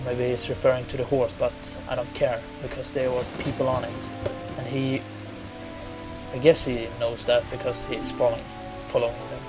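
A man's voice: mid-range voice, level tone, normal speed. A man casually commenting while playing a video game, rambling and mumbling asides with crude jokes. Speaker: gamer. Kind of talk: casual let's play commentary. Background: video game music.

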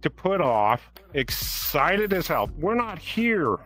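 Folksy co-host, male, bright edgy voice, rambling casual chat, faint music bed. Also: a little high, big pitch swings, slow pace, low-quality recording. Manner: rambling, folksy, loose grammar. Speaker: co-host of interview show.

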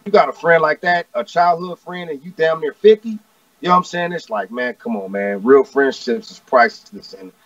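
A man's voice: on the high side, animated, a little fast, a bit bright, no room sound. A man in his forties from Southern California, a rapper talking as a guest in a casual, laid-back, slangy way, often repeating "you know what I mean.". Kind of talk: casual interview chat. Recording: distant, dull, dry lo-fi audio.

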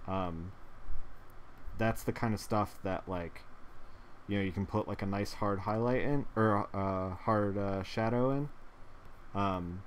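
A man's voice: on the low side, slow pace, pauses often, a little hiss or hum. Rambling laid-back man streaming his painting. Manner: rambling, filler-heavy, laughs at his own jokes. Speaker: digital artist streaming a painting session. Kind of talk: casual live-stream chat while painting.

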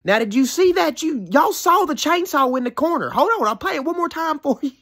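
A woman's voice: high voice, animated, brisk, very noisy. A woman reacting to clips in casual commentary, incredulous and swearing, laughing between remarks. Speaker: reaction video host.

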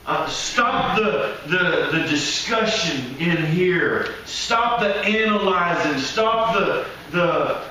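Man, preacher, slow animated sermon, high voice, roomy echoey hall, faint ambience. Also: slight background noise. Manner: animated, acts out voices of people praying. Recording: echoey hall, mic from a distance.

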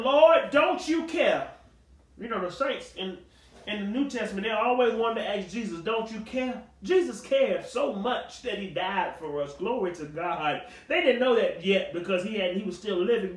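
A male pastor preaching a Bible study. He talks conversationally, acts out the people in the story with sass and humor, and rises to shouting. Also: sits high, roomy sound, far from the mic, low-quality recording.

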